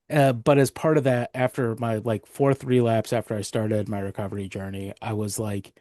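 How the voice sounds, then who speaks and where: A man's voice: fairly low pitch, fairly even intonation, moderate pace, darkish tone, no echo, studio quality. A young man co-hosting a podcast, speaking in a thoughtful, hesitant way as he reflects on his past. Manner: thoughtful, hesitant, with fillers and restarts. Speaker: podcast co-host. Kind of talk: casual reflective chat.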